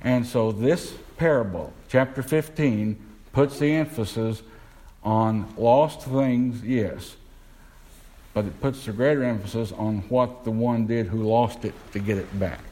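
Male preacher, mid-pitched voice, questioning sermon delivery. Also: darkish tone, low-quality recording. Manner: asks the congregation questions, slows down to stress words.

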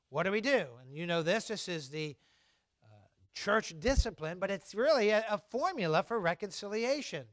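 Here a pastor's high, slightly bright voice comes through a dry, studio-quality recording. Preaching with emphasis and repetition, he gets the congregation to echo his lines in call-and-response and reads scripture in old, formal phrasing.

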